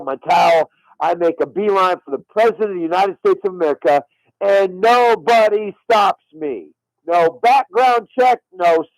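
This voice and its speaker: A man's voice: sits high, creaky, no echo, rough recording. A middle-aged man, a former caddie, telling a long story on radio and swearing on his daughter's life. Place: radio studio.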